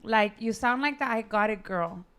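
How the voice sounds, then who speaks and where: A woman hosting a podcast, asking gentle questions and backchanneling supportively. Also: fairly high pitch, normal speed, clear, resonant tone. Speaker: podcast host. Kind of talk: interview questions.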